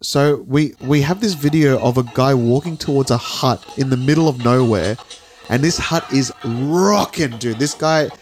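A man's voice: medium pitch, normal speed. A man co-hosting a casual podcast, rambling as he describes a video and swearing freely. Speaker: podcast co-host.

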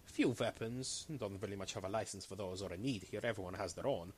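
A man puts on a shifty trader who speaks in broken, clipped English, doubling up words as he haggles. His pitch swings all over the place, with a faint hiss of noise behind. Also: expressive, moderate pace, natural voice. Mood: wheedling.

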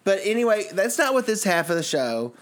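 A man's voice: high voice, sing-song, a little fast. A man co-hosting a comedy podcast, riffing playfully with mock-dramatic asides. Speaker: podcast co-host. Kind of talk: casual comedic chat.

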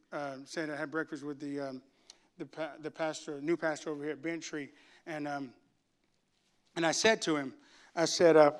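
A middle-aged pastor preaching to his congregation in a church, swinging from joking asides to loud, fervent preaching. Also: a little high. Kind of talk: sermon. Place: church sanctuary before a congregation.

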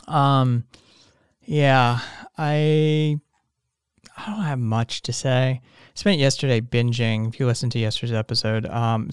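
Male solo podcast host, sleepy and meandering, mid-pitched resonant voice, dry close mic, casual cursing. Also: clean tone, no room sound. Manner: meandering, frequent fillers and restarts, swears casually. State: tired, yawning. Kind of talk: casual rambling monologue.

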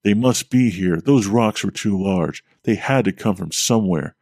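A man's voice: fairly low pitch, moderate pace, darkish tone, no room sound, clean studio sound. A man voicing a panicked grown man on a farm who stammers with fear and barks urgent orders. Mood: frightened.

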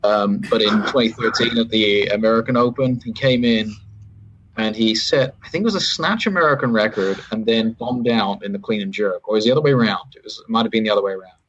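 Brief: low-voiced British man, husky, rambling interview guest, muffled podcast sound. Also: quick pace, a bit bright. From Britain. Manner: rambling, self-correcting, with wry asides. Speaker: sports federation chief executive, podcast guest. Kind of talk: casual interview talk. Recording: dull, lo-fi podcast audio.

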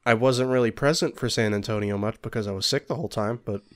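A man's voice: on the low side, fast, no room sound, clean studio sound. A young man co-hosting a casual gaming podcast, playful and teasing, swearing freely. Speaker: podcast co-host.

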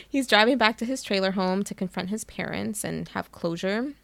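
A woman's voice: mid-range voice, normal speed, gravelly, a bit bright, dry recording. A woman co-hosting a book podcast, casually retelling the plot with swearing and laughter. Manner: retells the plot, swears freely, laughs at her own reactions. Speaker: podcast co-host recapping a book. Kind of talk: casual chat.

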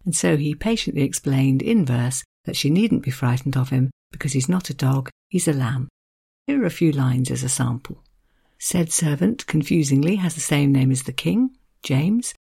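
This podcast host has a gravelly, husky voice with a mellow, warm tone. They deliver a scripted literary narration at an even reading pace, slipping in wry, self-deprecating asides. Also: mid-range voice.

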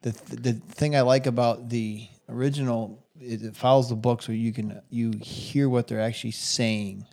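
A man's voice: medium pitch, fairly even intonation, normal speed, creaky, few pauses, darkish tone. A man co-hosting a casual chat, enthusiastic and stammering into restarts often.

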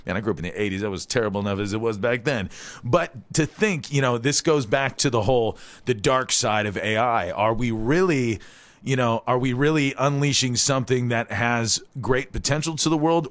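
A man's voice: mid-range voice, a little fast, no room sound. Hawaii guy in his 40s doing a live radio show, rambly, keeps saying all right, dry close mic. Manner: loose, rambling, with many "all right?" asides. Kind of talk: live community radio talk.

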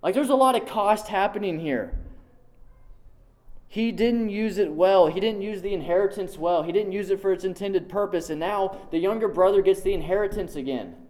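A male preacher with a slightly high voice delivers a sermon in an emphatic, conversational way. He repeats his key lines for weight and drops casual asides as he walks through a scripture reading. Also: moderate pace, darkish tone. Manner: conversational, dotted with "like".

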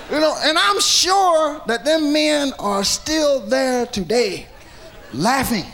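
Brief: male stand-up comic, high and gravelly, storytelling with wild pitch swings. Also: takes it slowly, slight background noise. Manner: animated, profane, acts out every character. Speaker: stand-up comedian. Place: comedy stage, archive recording.

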